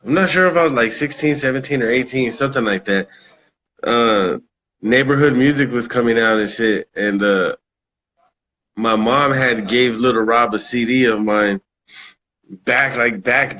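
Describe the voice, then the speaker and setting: A man's voice: mid-range voice, pushed and bright, muffled recording. A man telling stories in a casual interview, laid-back, swearing freely and laughing often. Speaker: rapper being interviewed.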